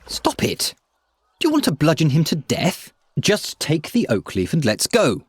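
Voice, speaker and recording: An actor playing a mocking, condescending young village bully in a video game. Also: male voice, fairly high pitch, huge pitch swings, measured pace, breathy edge, dry recording, exaggerated voice. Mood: scheming.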